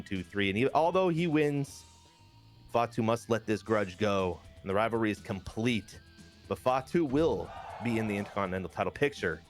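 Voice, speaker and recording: A man telling the story of a wrestling video game in casual, animated commentary with crude jokes. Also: medium pitch.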